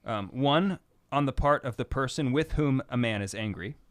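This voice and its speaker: A man's voice: mid-range voice, expressive, moderate pace, no echo. A man co-hosting a Catholic podcast, explaining church teaching in loose casual chat with many fillers and acted-out inner thoughts. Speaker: podcast co-host.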